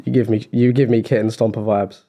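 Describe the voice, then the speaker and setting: A man's voice: fairly low pitch, steady tone, fairly quick, mellow. A young man hosting a podcast, chatting in loose banter and going off on tangents. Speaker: podcast host. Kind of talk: casual podcast chat.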